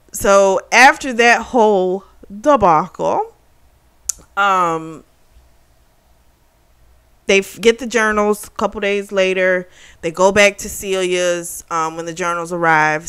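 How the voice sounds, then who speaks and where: A woman's voice: mid-range voice, a little slow, fairly bright tone, clear, resonant tone. A woman casually retelling a book's plot for her book review channel, chatty and laughing often. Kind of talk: casual chat.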